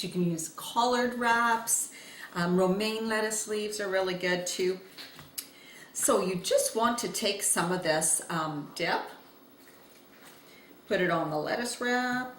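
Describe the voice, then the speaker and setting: Woman, cooking vlogger, chatty and easygoing, mid-pitched, echoey room with faint background hum. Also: a bit bright. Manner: chatty, laughs while talking and eating. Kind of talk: casual cooking demo.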